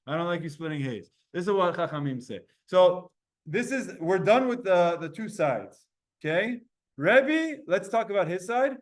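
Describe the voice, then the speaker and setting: High-voiced man teaching Talmud. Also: expressive. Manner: explains in quick bursts, quizzes students, restarts often. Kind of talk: Talmud class lesson.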